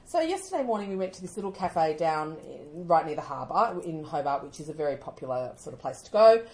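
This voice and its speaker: An Australian woman co-hosting a podcast, telling stories in a casual, animated way and often laughing as she talks. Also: low voice, a little fast. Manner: animated storytelling, often laughing mid-sentence. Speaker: podcast co-host.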